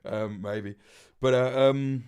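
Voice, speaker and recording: A man's voice: medium pitch, fairly even intonation, takes it slowly, a little mellow, clear, resonant tone. A man in his late twenties, chatting casually on a livestream, rambling with lots of fillers and swearing. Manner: rambling, swears freely, many fillers and restarts. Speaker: livestream host.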